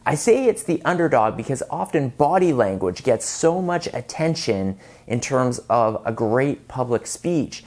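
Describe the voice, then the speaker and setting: A man giving public speaking tips straight to camera in an energetic, emphatic way, varying his volume for effect. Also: medium pitch, a little slow, hardly any pauses.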